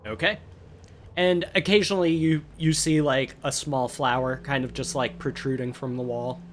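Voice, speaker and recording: A man's voice: mid-range voice, fairly even intonation, moderate pace. Hesitant male game master. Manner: hesitant, filler-heavy narration. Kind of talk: narrating a tabletop game.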